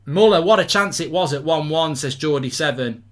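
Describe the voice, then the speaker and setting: A middle-aged man from England hosting a live football watchalong, talking excitedly and breaking into chants and songs. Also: on the high side, normal speed. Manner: exuberant, chanting and singing between rants. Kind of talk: excited live match reaction.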